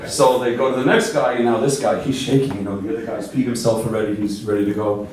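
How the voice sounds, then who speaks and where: A man's voice: medium pitch, fairly even intonation, fairly quick, a little mellow, slight background noise. A man telling jokes on a comedy club stage, with plain setups and punchy quoted lines. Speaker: guest comic. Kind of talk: stand-up joke telling. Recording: echoey room mic from a distance.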